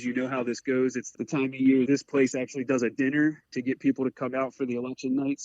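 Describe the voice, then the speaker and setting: A firefighter in his forties from the Eastern Shore of Maryland talks through his own story in an earnest, halting way, often reaching for "like." His voice sits at an ordinary middle pitch for a man. The recording is dry and a little muffled. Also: gravelly, darkish tone, dry recording. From Eastern Shore of Maryland, USA. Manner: earnest, halting, many "like" fillers. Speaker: career firefighter, podcast guest. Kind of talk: candid personal storytelling. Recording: dry, slightly muffled audio.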